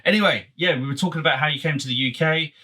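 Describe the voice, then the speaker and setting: Husky, bright-voiced podcast host. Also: medium pitch, rapid-fire. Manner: encouraging, asks follow-up questions. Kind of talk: casual interview chat.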